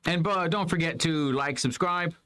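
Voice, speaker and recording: A man's voice: a little high, moderate pace, clean tone. A man giving a casual, rambling history lesson to a child, with lots of fillers and restarts. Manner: animated, rambling, many fillers. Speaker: homeschool parent teaching history.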